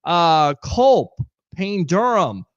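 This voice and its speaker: Higher-voiced man, emphatic sports chat. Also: big pitch swings, extremely slow, no room sound. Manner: emphatic, repeats points for stress. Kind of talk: casual sports talk. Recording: dull lo-fi stream audio.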